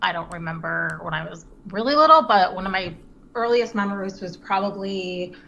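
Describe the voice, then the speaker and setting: A woman's voice: mid-range voice, normal speed, gravelly, sharp tone, a little hiss or hum. A woman in her thirties, a guest on a podcast, chatting in a friendly, candid way. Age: 30s. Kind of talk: casual podcast chat. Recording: dull lo-fi sound.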